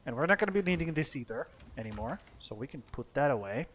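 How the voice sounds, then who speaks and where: A man's voice: medium pitch, expressive, fast talker, a bit bright, a little hiss or hum. A young man from Finland giving casual gameplay commentary, swearing freely, joking and talking to his character. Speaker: let's play gamer.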